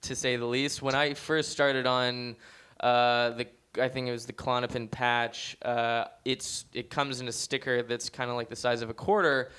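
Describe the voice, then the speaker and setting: A young man chatting as a podcast guest, telling stories in a lively, animated way. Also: mid-range voice, normal speed, smooth. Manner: animated storyteller, acts out quotes. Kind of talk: casual interview chat.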